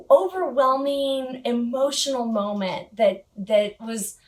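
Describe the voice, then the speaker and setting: A woman's voice: a little high, lively intonation, takes it slowly, few pauses, darkish tone. A woman vlogger telling a personal story in a casual, chatty way, with frequent little laughs and filler words. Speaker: motorcycle gear vlogger.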